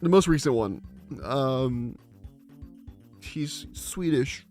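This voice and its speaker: A man's voice: mid-range voice, animated, extremely slow, darkish tone, faint music behind. A man chatting casually on a live stream, rambling with many fillers.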